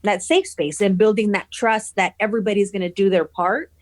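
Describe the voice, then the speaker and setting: A woman's voice: mid-range voice, fairly even intonation, a little fast. A woman school principal answering in a podcast interview, earnest and encouraging. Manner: earnest and encouraging, many fillers.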